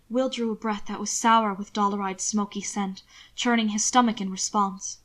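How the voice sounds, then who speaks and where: Woman narrating a novel softly. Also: medium pitch, fairly even intonation, moderate pace, hardly any pauses. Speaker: audiobook narrator.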